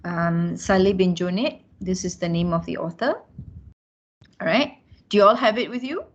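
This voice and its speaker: A woman lecturer with a Malaysian accent, teaching a class and pausing often with fillers and restarts. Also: fairly low pitch. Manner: hesitant, many fillers and restarts. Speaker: university lecturer. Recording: dull lo-fi sound.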